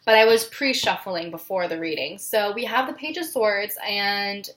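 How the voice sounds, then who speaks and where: A woman's voice: medium pitch, normal speed, fairly bright tone. A young woman reading tarot cards in a casual vlog, emotional and giggly, with many fillers. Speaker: tarot reader.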